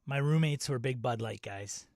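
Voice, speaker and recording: A man's voice: medium pitch, normal speed, vocal fry, a little mellow, dry recording, studio quality. A middle-aged man from Wisconsin hosting a casual live-stream chat, rambling and nostalgic, often laughing at himself. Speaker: channel host.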